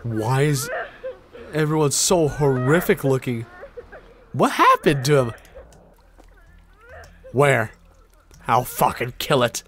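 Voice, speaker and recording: A man's voice: mid-range voice, sing-song, slow pace, long pauses, fairly bright tone. A man streaming a horror game, reacting with jumpy outbursts and constant swearing. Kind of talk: horror game let's play commentary.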